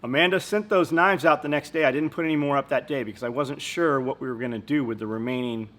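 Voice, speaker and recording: A man's voice: mid-range voice, fast talker, fairly bright tone. A man hosting a podcast, telling rambling business anecdotes in blunt, casual talk full of swearing. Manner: blunt and profane, swears freely. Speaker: company owner and podcast host. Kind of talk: casual storytelling chat.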